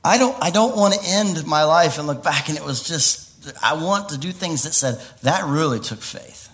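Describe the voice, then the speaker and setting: A man preaching a lively sermon, laughing often, with sudden high exclamations and quiet stretches. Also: moderate pace.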